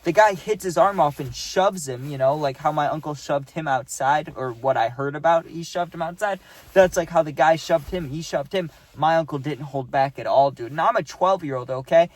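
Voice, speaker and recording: A young man casually telling a storytime, rambling and dropping "right?" and "dude" as he goes, acting out quotes in animated voices. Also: on the high side, normal speed, no echo.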